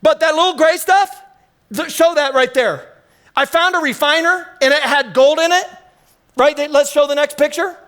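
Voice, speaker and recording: A man, preaching an energetic sermon full of storytelling in a church. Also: very high-pitched, normal speed. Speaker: guest preacher. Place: church sanctuary.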